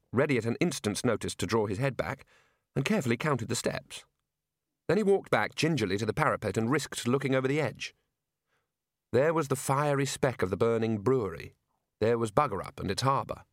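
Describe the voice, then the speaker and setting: A man narrating an audiobook in a wry, expressive storytelling manner. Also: mid-range voice, no room sound, clean studio sound. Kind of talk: scripted narration.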